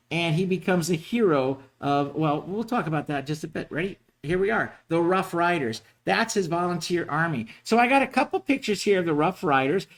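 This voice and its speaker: Guy teaching history, kinda high voice, chatty, keeps going "right?". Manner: chatty, animated, asks "right?" often. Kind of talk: casual classroom lecture.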